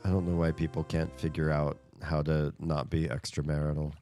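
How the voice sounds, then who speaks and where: A man's voice: very deep voice, level tone, moderate pace, dark tone. A man streaming a rhythm game, chatting casually and thinking aloud between plays, often chuckling. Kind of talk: casual chat while gaming. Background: faint game music.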